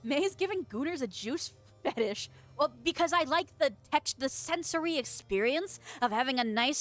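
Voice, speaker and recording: Woman, casual stream chat, high voice, very lively pitch, giggly, swearing, stuffy nose, close desk mic. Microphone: desk microphone.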